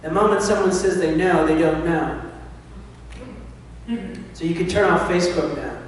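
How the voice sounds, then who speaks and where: A man's voice: fairly high pitch, normal speed. A man giving an impassioned spiritual talk, sometimes acting out anxious inner voices. He is recorded from a distance in a large church hall. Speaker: spiritual speaker. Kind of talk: sermon. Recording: distant mic in a reverberant hall with faint noise.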